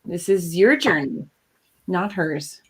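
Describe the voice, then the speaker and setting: A woman co-hosting a casual talk show, chatting in an animated, goofy way. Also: lowish voice, slow pace, slightly rough. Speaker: co-host. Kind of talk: casual chat.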